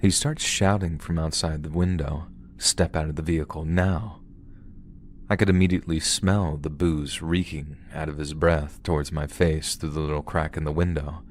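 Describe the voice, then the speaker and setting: A man narrating a first-person horror story in a calm, steady storytelling manner. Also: very deep voice, normal speed, few pauses, a little hiss or hum. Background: background music.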